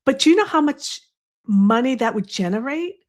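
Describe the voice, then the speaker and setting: Speaking into a desk mic at home with snow visible through the window behind her, this livestream host has a high, animated voice at a moderate pace. She's an East Coast woman with a Boston accent, casually rambling and addressing her viewers in asides.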